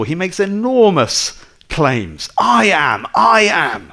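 Lively male preacher. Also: fairly high pitch. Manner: conversational, full of rhetorical tag questions. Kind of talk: sermon.

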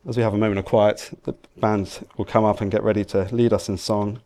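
A man's voice: on the low side, a little fast. A man, preaching a sermon to his church and acting out voices as he goes. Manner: animated, acts out shouting and cheering voices. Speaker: pastor.

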